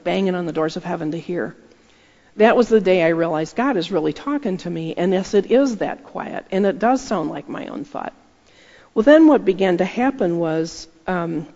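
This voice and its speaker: A woman's voice: lowish voice, gravelly, darkish tone. A woman telling a personal testimony as a storytelling sermon, talking conversationally and acting out her own thoughts. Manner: conversational, acts out her own inner dialogue. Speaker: speaker giving a testimony. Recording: dull recording with long hall reverb.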